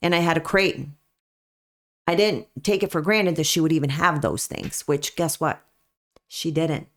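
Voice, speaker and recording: A woman with a lowish voice speaks as a podcast guest. She tells her story as a dog breeder in an earnest, emphatic way and keeps coming back to her main points. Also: moderate pace. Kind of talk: conversational storytelling.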